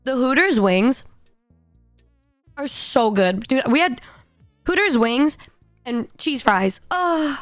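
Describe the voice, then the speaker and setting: A high-pitched woman streamer with a hoarse, worn-out voice, chatting animatedly and laughing as she tells a story. Her voice is close and dry on the mic, with soft music playing underneath. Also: animated, slow, long pauses, no room sound. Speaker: VTuber streamer. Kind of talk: casual livestream chat.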